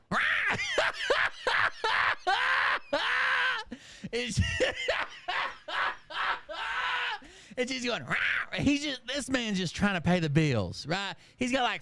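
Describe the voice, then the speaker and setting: A man casually retelling a movie scene for laughs, animated and profane and cracking up as he goes. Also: high voice, vocal fry. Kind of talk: casual comedic storytelling.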